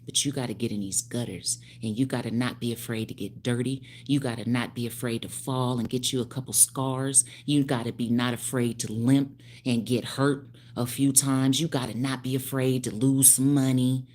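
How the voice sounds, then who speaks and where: Very deep-voiced woman in her fifties. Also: moderate pace, hardly any pauses. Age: 50s. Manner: animated, preachy, with laughs. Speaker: hairstylist. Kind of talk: casual livestream talk.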